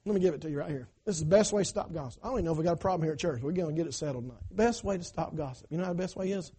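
A man preaching a sermon in church, emphatic and swinging between loud cries and hushed asides, calling on the congregation to answer. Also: fairly high pitch, very fast. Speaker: pastor.

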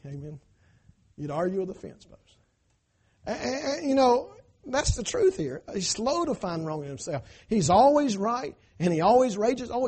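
A man preaching a sermon in church, emphatic and swinging between loud cries and hushed asides, calling on the congregation to answer. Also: high voice, husky. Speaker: pastor.

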